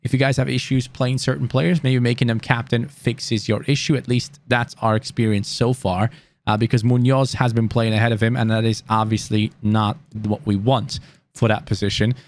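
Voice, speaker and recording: A gaming YouTuber, a man commentating his own football game, casual and chatty, yelling when his team scores. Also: medium pitch, normal speed. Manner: excitable, yelling at goals. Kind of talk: live gameplay commentary.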